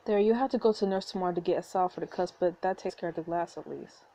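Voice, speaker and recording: A woman voicing a gentle young man who heals and reassures, reading a story game aloud in a soft, reassuring way. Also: on the low side, fast, close to an everyday voice. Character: gentle young male doctor-like healer.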